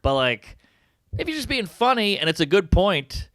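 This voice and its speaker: A man, a comedian chatting as an interview guest, jokey and animated with big jumps in pitch for emphasis. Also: moderate pace, dry recording, clean studio sound. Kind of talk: casual interview chat.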